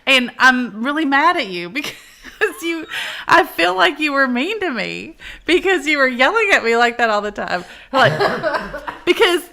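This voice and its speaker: A woman's voice: high voice, very animated, measured pace, gravelly, pushed and bright. A woman co-hosting a casual chat, giggly, often laughing as she talks. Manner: giggly, laughs while talking. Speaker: co-host.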